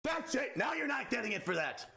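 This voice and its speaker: A man playing a teasing character who refuses to hand over a game skin, shouting taunts in a comedy skit. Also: very high-pitched, big pitch swings, fairly quick, vocal fry, slightly rough, full character voice. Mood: taunting.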